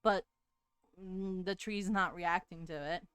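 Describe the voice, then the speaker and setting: Woman game master, very smooth clear voice, dry close sound, halting delivery. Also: lowish voice, steady tone, fairly bright tone, no echo. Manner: hesitant, lots of fillers. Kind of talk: narrating a tabletop game.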